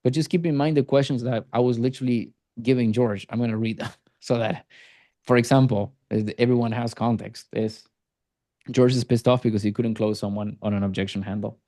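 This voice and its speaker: A man's voice: medium pitch, steady tone, brisk, dark tone. A man leading a group coaching call as a sales coach, talking bluntly with teasing and swearing.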